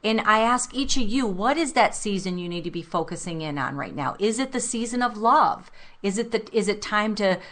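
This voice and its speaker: A woman's voice: mid-range voice, expressive, moderate pace, fairly bright tone. A woman co-hosting a self-help talk show, speaking earnestly and reflectively and addressing listeners directly. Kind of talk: motivational talk radio chat.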